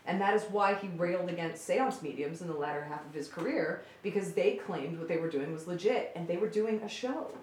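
A woman stage magician chatting casually as a podcast guest, telling stories with lively acted-out voices. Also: fairly low pitch, brisk, few pauses. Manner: animated storyteller who acts out quoted voices. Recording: roomy with faint background noise.

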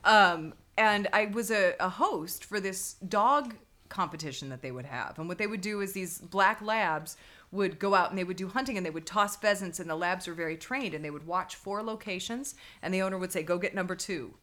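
A woman hosting a podcast, telling funny stories in a lively way and laughing often. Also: mid-range voice, moderate pace. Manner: animated, laughing storyteller. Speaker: podcast host. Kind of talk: casual storytelling chat.

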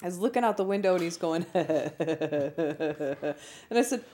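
A woman's voice: fairly low pitch, lively intonation, measured pace, dark tone. A woman hosting a casual chat, playful and often laughing as she acts out quotes.

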